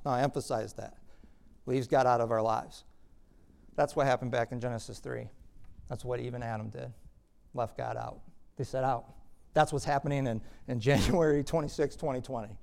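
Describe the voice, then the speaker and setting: A man preaching a sermon, moving between quiet, conversational explanation of scripture and loud, emphatic preaching. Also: mid-range voice, brisk. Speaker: pastor.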